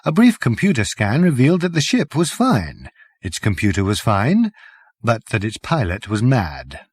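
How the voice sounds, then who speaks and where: A man narrating an audiobook with expressive storytelling. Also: medium pitch, normal speed, husky, dry recording.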